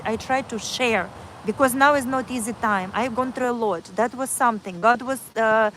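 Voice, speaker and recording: A woman's voice: fairly high pitch, a bit bright, a little hiss or hum, rough recording. A woman telling a personal story on a livestream in earnest, repetitive, broken English, speaking into a phone. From Kazakhstan.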